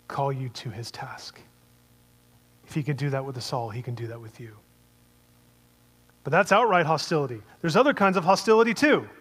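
Conversational male preacher, slightly high voice. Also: fairly bright tone, in a large hall. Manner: conversational, asks many rhetorical questions. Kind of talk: sermon.

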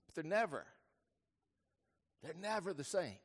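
High-voiced preacher in a reverberant hall. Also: male voice, very animated, a little slow. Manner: storytelling preacher, swings between soft hushed lines and sudden loud bursts. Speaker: pastor. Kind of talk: sermon. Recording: long reverb of a large hall.

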